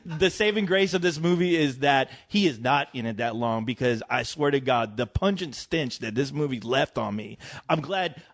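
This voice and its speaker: A man's voice: medium pitch, moderate pace. A man co-hosting a casual film review podcast, ranting in profane, exasperated banter. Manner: exasperated, ranting, laughs often.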